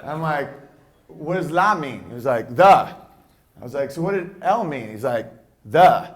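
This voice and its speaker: A man's voice: a little high, expressive, measured pace. A man playing a brash male stand-up comic who rambles provocatively and laughs through his lines. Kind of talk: stand-up comedy bit.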